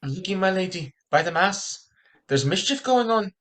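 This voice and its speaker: A woman's voice: on the low side, animated, moderate pace, close to an everyday voice. A woman playing a flustered old-fashioned male country servant in a stage comedy, talking with frantic alarm. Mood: ominous.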